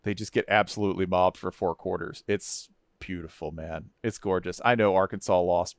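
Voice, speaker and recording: A man co-hosting a casual sports chat, jokey and animated, swearing freely. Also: fairly low pitch, moderate pace, no room sound, clean studio sound. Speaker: podcast co-host.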